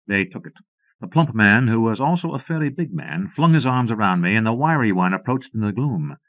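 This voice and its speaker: Low-voiced man reading an audiobook. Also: lively intonation, a little fast, no room sound. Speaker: audiobook narrator. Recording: muffled phone-like 1990s cassette recording, dry.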